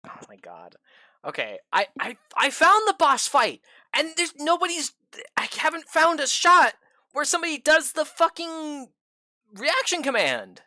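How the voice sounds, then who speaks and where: A game streamer giving live gameplay commentary, animated and swearing casually, laughing often. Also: sits high, unhurried, dry recording, studio quality. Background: game music.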